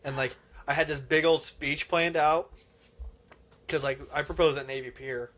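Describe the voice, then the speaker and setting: A man's voice: on the high side, fairly even intonation, normal speed, a bit bright. A man co-hosting a podcast, rambling through a personal story in casual chat and laughing easily at himself. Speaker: podcast co-host.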